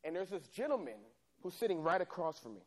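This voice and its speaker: A man preaching a sermon, telling a personal story with animated, acted-out scenes. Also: high-pitched, fast, a little hiss or hum.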